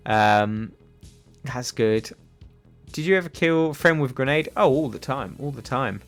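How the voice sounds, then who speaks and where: A man's voice: medium pitch, lively intonation, measured pace. Young man, livestream host, rambling chatty delivery, faint music underneath. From England. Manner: chatty, rambling, with frequent fillers. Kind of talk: casual livestream chat reading viewer comments. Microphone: desk microphone.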